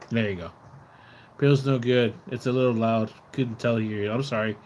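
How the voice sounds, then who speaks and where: A man's voice: mid-range voice, fairly even intonation, moderate pace, a little mellow, a little hiss or hum. A man live streaming from outside his house, rambling in casual chat, repeating words and swearing when he gets riled up. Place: outdoors near his house.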